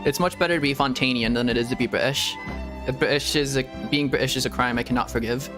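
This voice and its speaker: This male VTuber talks quickly in a mid-range voice while streaming a game, game music playing behind him. His commentary is casual and playful, full of laughter and joking asides.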